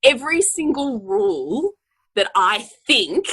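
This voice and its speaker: A woman's voice: a little high, slow, breathy edge. A woman in her forties, co-hosting a casual podcast chat and telling family stories animatedly with frequent laughter. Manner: animated storyteller, laughs often, swears casually. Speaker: podcast co-host.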